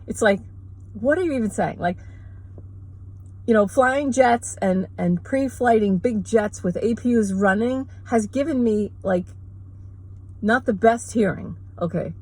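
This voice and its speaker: A woman vlogger ranting sarcastically in a rambling, mocking way, with quick asides. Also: a little high, a little mellow, slightly rough, rough recording. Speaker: mother. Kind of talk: sarcastic comedic rant.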